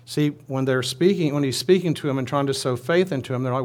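A man's voice: mid-range voice, fast, darkish tone. Man preaching a chatty sermon. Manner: conversational storytelling with asides.

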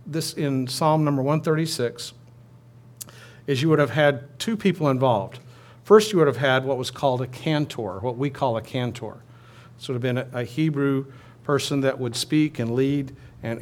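A man preaching a sermon in a conversational manner, often restarting his phrases and leading his listeners in a responsive reading. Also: medium pitch. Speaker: pastor.

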